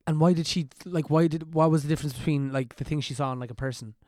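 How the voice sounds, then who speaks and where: Brief: male podcast host, slightly high voice, dry close sound, relaxed questioner. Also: fast talker, no room sound. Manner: easygoing questioner, chuckles often. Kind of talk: casual podcast chat.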